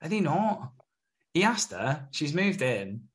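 A man's voice: on the high side, big pitch swings, slow pace. A man, co-hosting a podcast and retelling a soap episode in casual, sweary chat. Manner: swears freely, retells scenes with quoted voices. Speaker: podcast co-host.

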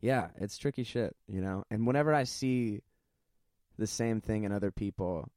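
A man's voice: on the low side, moderate pace, darkish tone, no room sound. A man co-hosting a podcast in casual chat, rambling and self-deprecating, laughing often and swearing freely. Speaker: podcast co-host.

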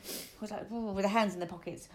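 Animated woman telling stories. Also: mid-range voice, fast, slight background noise. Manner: animated storyteller, acts out voices. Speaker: podcast co-host. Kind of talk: casual chat.

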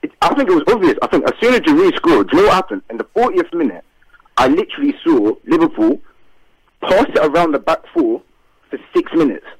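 Frustrated football fan caller, husky. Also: male voice, on the high side, big pitch swings, fast talker, no room sound, poor audio. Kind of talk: fan phone-in rant.

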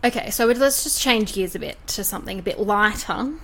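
Casting: woman, podcast co-host, fired-up and sweary, mid pitch. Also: brisk, fairly bright tone. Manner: heated, swears, mimics politicians. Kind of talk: casual podcast chat.

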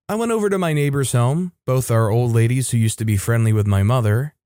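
A man's voice: mid-range voice, a little mellow, no room sound, clean studio sound. A man reading a reddit story aloud as scripted narration, keeping quoted lines in his own voice.

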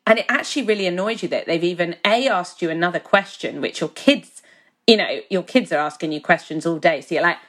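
A woman co-hosting a podcast, telling animated stories in casual chat, with swearing and laughter. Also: fairly low pitch, brisk. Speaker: podcast co-host.

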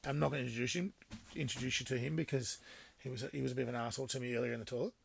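A man's voice: mid-range voice, fairly even intonation, racing, vocal fry. A man telling rowdy stories on a podcast as the guest, swearing freely and laughing as he talks. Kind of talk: casual storytelling.

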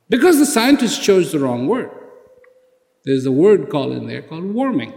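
A man's voice: sits high, sing-song, normal speed, gravelly, darkish tone. A man giving a motivational speech, building his points with rhetorical questions, repeated words and acted-out exchanges. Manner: emphatic, repeats key words. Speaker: public speaker. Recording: echoey hall reverb.

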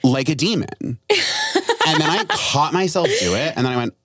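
A young man hosting a casual comedy podcast, telling stories in an animated way and acting out the voices of the people in them. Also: a little high, moderate pace, no echo, studio quality. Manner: animated storytelling, acts out quoted voices. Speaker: podcast host.

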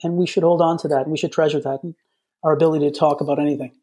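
Irish man rambling with a mellow husky voice. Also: on the high side, fairly even intonation, very fast. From Ireland. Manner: rambling, peppered with "you know". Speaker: guest. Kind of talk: casual chat.

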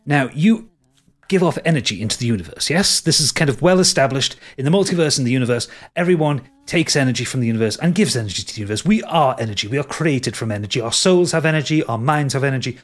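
An eccentric old vampire scholar, weakened but eager, lecturing in a quick flow of words and pressing his listener with "yes?" to be sure they follow. A man puts him on as game master of a tabletop game. The voice sits at an ordinary pitch. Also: lively intonation, lightly acted.

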